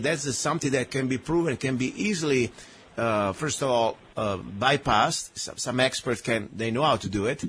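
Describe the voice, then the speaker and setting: A man's voice: mid-range voice, slight background noise. Opinionated male radio host, English. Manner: animated, opinionated, loose non-native phrasing. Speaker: radio talk show host. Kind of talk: radio interview.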